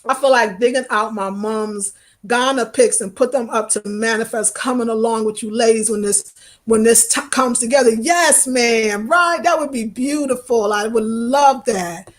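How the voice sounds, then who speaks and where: New York woman vlogger, higher voice, expressive, talks straight to viewers. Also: moderate pace. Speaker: travel vlogger. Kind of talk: casual live-stream chat reading comments.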